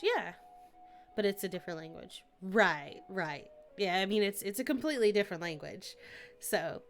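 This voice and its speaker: A woman's voice: mid-range voice, a little slow, a bit bright, soft background music. A young woman streamer chatting casually with her live viewers, rambling and laughing often. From United States.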